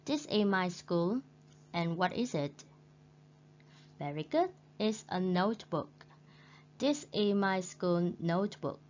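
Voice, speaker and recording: A woman teaching English with a Vietnamese accent, speaking very slowly and patiently in a fairly low voice. She repeats each new word for her students. The recording sounds dull and lo-fi, with a faint hum underneath. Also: animated, a little mellow. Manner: slow, patient, repeats words for learners. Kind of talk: recorded classroom lesson.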